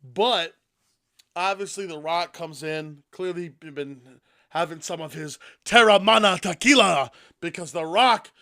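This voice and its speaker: An excitable man co-hosting a podcast, swearing freely and bursting into loud outbursts. His voice is high for a man and bright, almost tense in tone. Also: unhurried. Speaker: podcast co-host. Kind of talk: casual chat.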